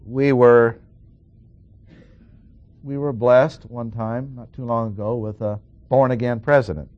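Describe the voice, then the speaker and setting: A man's voice: mid-range voice, steady tone, no echo, dull audio. Emphatic preacher man, dry sound. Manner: emphatic, drawn-out stresses on key words, asks the audience questions. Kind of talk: sermon, Bible exposition.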